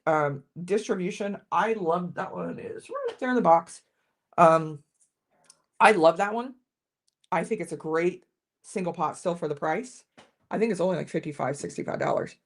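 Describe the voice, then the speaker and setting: A woman with a slightly low voice chats through a live whiskey tasting from home. She talks casually to her viewers and often trips over the start of her sentences. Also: darkish tone. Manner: chatty, restarts sentences often, greets viewers. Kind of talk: casual live-stream chat.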